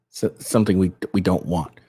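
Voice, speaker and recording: A man's voice: low-pitched, darkish tone, breathy edge, dry recording. A young man hosting his own commentary show, rambling casually with frequent restarts. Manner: rambling, repeats words, laughs between points. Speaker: show host.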